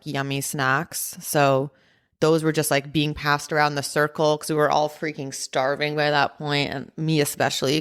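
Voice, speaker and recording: A woman with a deep, creaky, clean-toned voice hosts a podcast. She casually tells a personal story in a chatty way, leaning heavily on "like" and "um."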